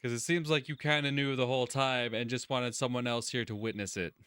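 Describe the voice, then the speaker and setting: A man's voice: medium pitch, steady tone, fairly quick, a bit bright, clean tone, no echo. A man hosting a let's-play, reading game narration aloud and adding crude, sarcastic commentary.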